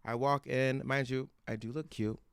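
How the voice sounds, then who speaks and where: A man's voice: mid-range voice, fairly even intonation, normal speed, clear, resonant tone, dry recording, clean studio sound. Sassy young man. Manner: sassy, playful storyteller. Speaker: guest, best friend. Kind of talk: casual chat. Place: hotel room floor.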